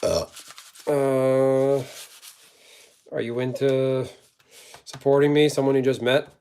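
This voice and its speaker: A man's voice: medium pitch, little pitch movement, slow, mellow. Dry-joking man streaming from his kitchen. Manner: dry, joking, talks to the camera while working, coughs often. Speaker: streamer cooking on camera. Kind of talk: casual live-stream chat reading comments. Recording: clear background noise behind the voice.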